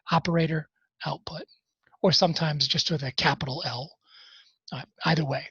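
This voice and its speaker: A man's voice: fairly high pitch, a bit bright, husky, dry recording, muffled recording. A man teaching a college math class, talking through problems in a casual way with wry asides. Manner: conversational, self-deprecating asides while working problems. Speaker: math instructor. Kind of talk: recorded class lecture.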